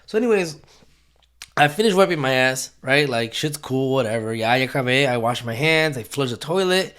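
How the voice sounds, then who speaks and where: A man's voice: mid-range voice, animated, normal speed, a bit bright. A young man telling a rambling, profane story in a casual way, slipping into Spanish phrases.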